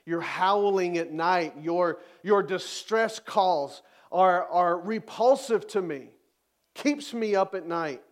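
A man's voice: high-pitched, slow pace. A man preaching a sermon, reading scripture aloud with emphatic, dramatic rises in his voice. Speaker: pastor.

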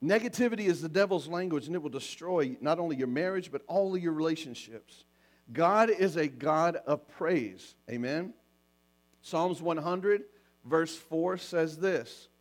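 High-voiced pastor preaching with animated scenes. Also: male voice, unhurried. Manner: animated, acts out little scenes. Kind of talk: sermon on marriage. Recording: mains hum.

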